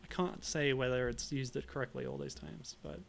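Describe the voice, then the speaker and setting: Gravelly man chatting over a game. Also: medium pitch, steady tone, brisk, soft background music. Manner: rambling, self-deprecating. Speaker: streamer. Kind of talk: casual let's-play chat.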